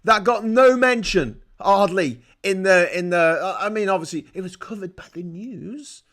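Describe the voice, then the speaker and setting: This livestream host is a man with a high-pitched, slightly bright voice, lively intonation and a normal speed. Into a desk mic, he delivers profane, heated, indignant political commentary.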